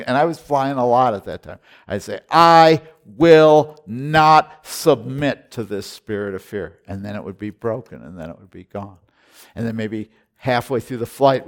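This man, preaching as pastor, tells his congregation a personal story and exhorts them. His delivery moves between quiet, slow passages and loud, emphatic ones, in a voice on the low side.

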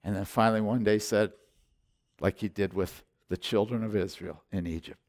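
A man in his sixties preaching a sermon as pastor, impassioned and swinging between loud exhortation and hushed intensity. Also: lowish voice, fairly even intonation, moderate pace.

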